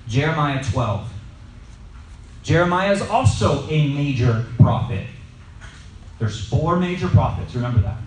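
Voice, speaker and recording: Guy teaching bible study to a group, kinda high voice, big echo, sounds far from the mic. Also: measured pace, long pauses, a little hiss or hum. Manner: lively, storytelling, asks the audience questions. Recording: echoey room, mic at a distance.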